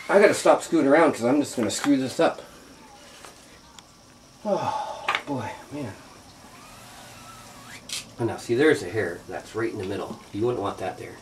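A man's voice: medium pitch, expressive, moderate pace, pauses often, slight background noise. A man hosting a how-to show, demonstrating by hand in an indoor workshop with a rambling, joking, self-deprecating manner. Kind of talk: casual hands-on demonstration.

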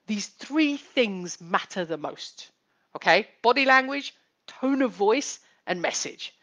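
A woman psychotherapist talks to viewers in a live-streamed teaching session. She speaks at a middle pitch, in an explanatory way, and she often repeats key points and asks rhetorical questions. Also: lively intonation, takes it slowly, a bit bright. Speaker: psychotherapist hosting a live chat.

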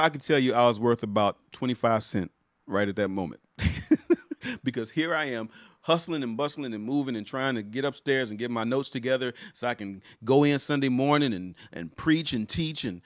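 A man's voice: mid-range voice, moderate pace, no echo, studio quality. A man, a pastor and life coach, talks casually to viewers of a live stream, repeating words and greeting them by name as he goes. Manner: warm, chatty, repeats words and restarts often.

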